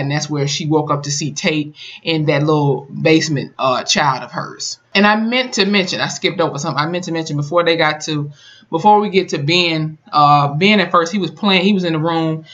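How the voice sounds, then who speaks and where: A YouTuber recapping a horror episode in a casual, profane, animated way, full of sassy asides. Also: medium pitch, fairly quick, lo-fi sound. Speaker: TV episode reviewer.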